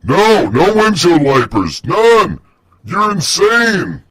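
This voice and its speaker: A man voicing an irritable middle-aged ex-Area-51 scientist who sounds gruff and exasperated and keeps repeating himself. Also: sits low, expressive, normal speed, dry recording, studio quality. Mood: yelling.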